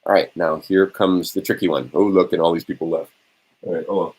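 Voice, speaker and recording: Husky low-voiced man lecturing informally. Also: fairly even intonation, darkish tone, rough recording. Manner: rhetorical, keeps checking in with "right?"; answers his own questions, halting with fillers. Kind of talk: informal lecture to a small audience.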